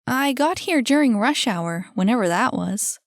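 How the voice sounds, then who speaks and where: A woman voicing a young goblin woman who is new to the place, bewildered but eager, quick to defend herself. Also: fairly high pitch, lively intonation, dry recording, clean studio sound, voice pushed up. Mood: earnest.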